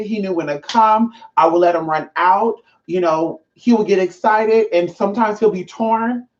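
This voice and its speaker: Chatty, profane woman vlogger, lo-fi. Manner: profane, chatty, keeps addressing viewers as y'all; animated, pitch jumps up for emphasis. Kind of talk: casual storytelling to camera. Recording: slightly dull lo-fi sound.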